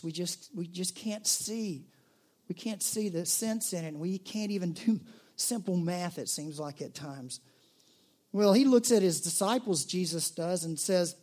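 High-voiced pastor preaching conversationally. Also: male voice, darkish tone. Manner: conversational storytelling with restarts and asides. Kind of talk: sermon.

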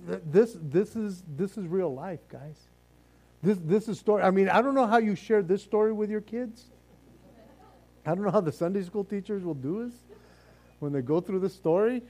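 A man teaching a Bible passage in a casual, animated way, laughing often and acting out the people in the story. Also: high-pitched, normal speed, pauses often.

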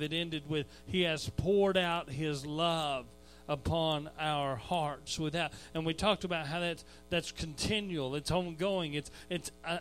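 A man preaching a verse-by-verse sermon as pastor. He rises to shouted emphasis on key phrases and sometimes repeats a word as he restarts. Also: fairly high pitch, low-quality recording. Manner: repeats words when restarting. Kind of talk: expository sermon.

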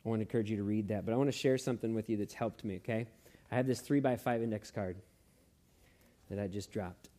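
A man preaching a sermon who tells stories in an animated way, with many fillers and restarts. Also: on the low side, quick pace.

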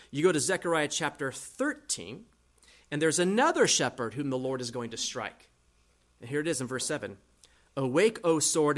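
In a fairly high-pitched voice, a man preaches an expository sermon as a pastor. He reads scripture slowly, alternating forceful emphasis with quiet asides.

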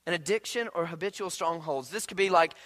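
A man preaching a sermon as pastor, animated and conversational, acting out quoted asides. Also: on the high side, a little fast. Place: church sanctuary. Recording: long hall reverb.

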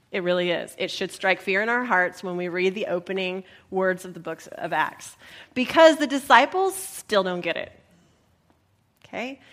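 Woman pastor, higher voice, lively sermon delivery with playful asides. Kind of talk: sermon with scripture reading.

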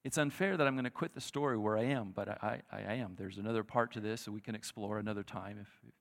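A male pastor preaching a sermon in a conversational, animated way, acting out the people in the story. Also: fairly low pitch, fast talker, vocal fry, big-room sound. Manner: animated, conversational, acts out quotes.

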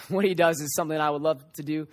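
A man's voice: fairly high pitch, fairly even intonation, fast talker, no echo. A young man preaching a sermon with passion, acting out the voices of people in the story.

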